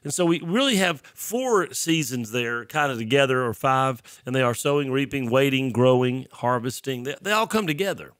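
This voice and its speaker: A man hosting a Christian show, talking casually and teaching, congested and often clearing his throat. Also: mid-range voice, lively intonation, moderate pace, hardly any pauses, a bit bright, no echo, studio quality. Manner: chatty, self-deprecating, throat clearing. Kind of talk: casual sermon talk.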